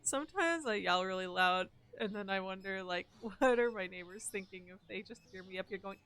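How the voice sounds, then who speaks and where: A woman live-streaming from home, chatting in a self-mocking way as she plays and sometimes yelling loudly at the customers in the game. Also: mid-range voice, expressive, brisk, few pauses. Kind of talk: casual live-stream commentary while gaming.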